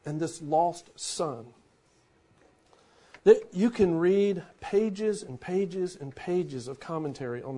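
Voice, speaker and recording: A man in his forties preaches a sermon with a fairly high-pitched voice. He keeps it conversational and drops to a hush to drive a point home. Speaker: pastor.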